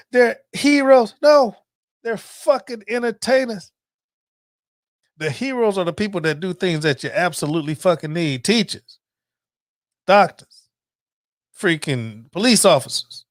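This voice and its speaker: A man's voice: fairly high pitch, dry recording, studio quality. A middle-aged man, host of a cooking channel, ranting casually and profanely to camera. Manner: profane, animated, preachy.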